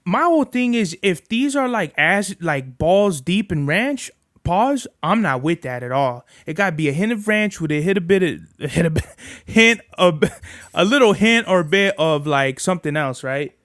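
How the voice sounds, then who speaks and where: High-voiced man, profane rambling podcast host. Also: animated, normal speed. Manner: profane, rambling, slangy with frequent "bruh"; soft, cooing baby talk to his dog. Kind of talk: casual solo podcast chat.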